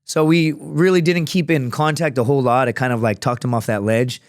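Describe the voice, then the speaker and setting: A man's voice: medium pitch, little pitch movement, brisk, dry recording, studio quality. Rambling, profane man telling a story. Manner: profane, rambling, many fillers. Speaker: podcast guest, former Marine and fighter. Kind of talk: casual storytelling conversation.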